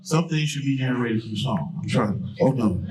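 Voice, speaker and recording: Profane, animated stand-up comedian. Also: male voice, mid-range voice, normal speed, poor audio. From Brooklyn, New York. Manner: profane, conversational, punchy delivery. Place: live comedy stage with audience. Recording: live show with loud crowd.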